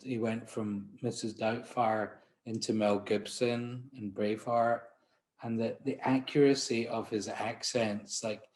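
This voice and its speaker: A man's voice: on the low side, a little mellow. A man with a Glaswegian accent, a portrait photographer giving a conference talk, telling chatty, self-deprecating stories with frequent restarts. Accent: Scottish, Glaswegian. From Glasgow, Scotland. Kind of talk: anecdotal presentation.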